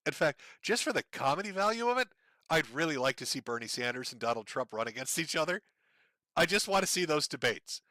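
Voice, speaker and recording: A man reading out donation messages on a casual livestream, sardonic and profane, with a deadpan delivery. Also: fairly high pitch, brisk, no echo, studio quality.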